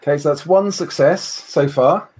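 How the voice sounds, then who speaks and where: A man playing in a tabletop game, animated, laughing often and swearing. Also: fairly high pitch, moderate pace, slight background noise. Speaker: player. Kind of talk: casual tabletop play.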